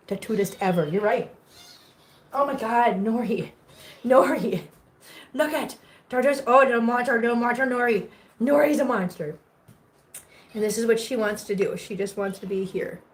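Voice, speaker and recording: A woman chatting casually at home, talking doting baby talk to her cats and chatty asides to her viewers. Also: a little high. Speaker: cat owner vlogger. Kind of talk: casual chat to pets and viewers.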